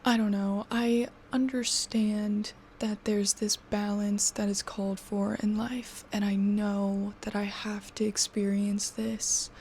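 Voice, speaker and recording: A woman in her twenties venting to her camera, frustrated and exhausted, swearing and often sinking into a breathy half-whisper. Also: mid-range voice, little pitch movement, takes it slowly, hardly any pauses, a little mellow, slight background noise. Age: 20s. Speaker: vlogger.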